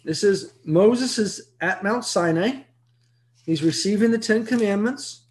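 A Bible teacher giving an evening lecture, emphatic and full of rhetorical questions, repeating key words for stress. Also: measured pace. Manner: jumps to a high excited pitch when stressing a point.

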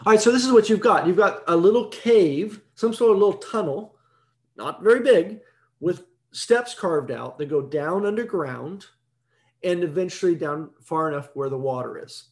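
A man's voice: high voice, animated, normal speed. A man giving an evening Bible teaching in a conversational way, explaining step by step and often checking in with "right?".

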